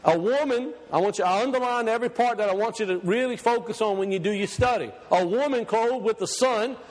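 A man preaching a sermon, emphatic, reading scripture slowly and deliberately. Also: high-pitched, in a large hall.

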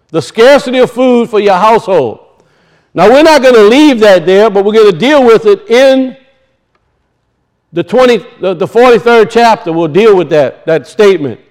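A man's voice: high-pitched, expressive, normal speed, a little mellow, rough recording. A man preaching a sermon. He reads scripture aloud, asks his hearers pointed questions and often repeats words for emphasis.

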